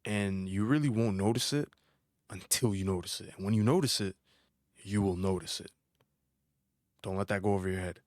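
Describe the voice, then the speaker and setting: A young man talks casually through an album reaction in a low voice. He is animated and chatty, using slang and laughing often. The sound is dry and close. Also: normal speed, long pauses, dry recording. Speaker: music reaction host.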